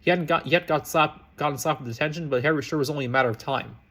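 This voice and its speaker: A man narrating a fan fiction story aloud, hurrying through the text and often stumbling and restarting words. His voice sits a bit high for a man, and the pace is very quick. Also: fairly bright tone. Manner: rushed, frequent slips and restarts. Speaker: reader.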